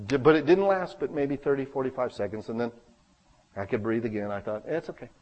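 Pastor preaching in a reverberant hall. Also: male voice, medium pitch, a little fast, dull audio. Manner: conversational preaching, swings between loud and hushed. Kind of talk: sermon.

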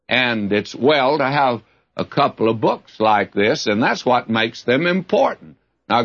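A man's voice: mid-range voice, a bit bright, husky. A man teaching the Bible in a folksy, conversational sermon, asking rhetorical questions as he goes. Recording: dull lo-fi broadcast recording.

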